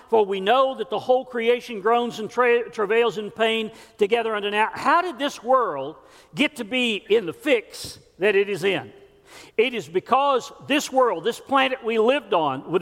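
A man's voice: sits high, a bit bright. A male pastor preaching a sermon, earnest and folksy, with scripture and homespun stories. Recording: long church hall reverb.

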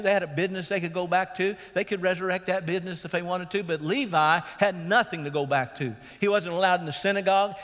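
A man's voice: on the high side, fairly bright tone. A man, a pastor preaching an earnest sermon and calling out to the congregation. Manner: earnest preaching with calls of "Amen?". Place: church sanctuary. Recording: long church reverb.

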